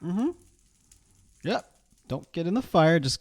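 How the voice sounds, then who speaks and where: A man's voice: on the high side, sing-song, slow, pauses often, dry recording. Playful rambling guy narrating his game, bouncy voice, dry close mic. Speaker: game series player. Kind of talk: casual gameplay commentary.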